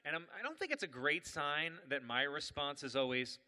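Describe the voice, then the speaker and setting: Male comic host, animated and self-mocking, very bright, lively pitch. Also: normal speed, long reverb tail. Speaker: comedian and event host. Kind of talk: live stand-up storytelling.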